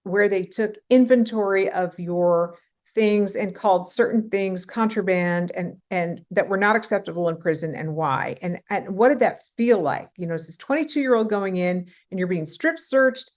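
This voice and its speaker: A woman's voice: mid-range voice, normal speed, a little mellow. A woman hosts a podcast interview. She is chatty and enthusiastic, steering her guest with easy, casual questions. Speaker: podcast host.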